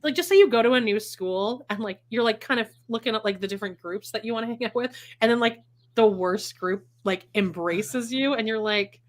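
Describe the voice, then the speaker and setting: A woman's voice: on the high side, a little fast. A young woman co-hosting a casual chat, reading a book aloud and breaking off with sarcastic, mocking asides. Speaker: podcast co-host.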